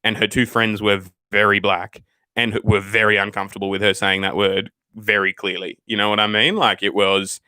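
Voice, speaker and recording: A man's voice: on the low side, little pitch movement, fairly quick, sharp tone, clean tone, dry recording. A man hosting his channel, telling stories in a swearing, ranting way. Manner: profane, ranting, storytelling. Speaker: channel host. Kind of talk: casual livestream chat.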